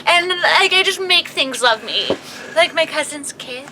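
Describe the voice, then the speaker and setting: A woman's voice: high-pitched, lively intonation, a little slow, noisy background. A woman co-hosting a podcast in casual comedic chat, giggly, blunt and playfully profane. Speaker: podcast co-host.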